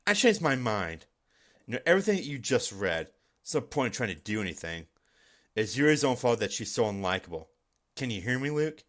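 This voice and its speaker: A man's voice: mid-range voice, very animated, fairly quick, a bit bright. A man reading a cold, glitching girl.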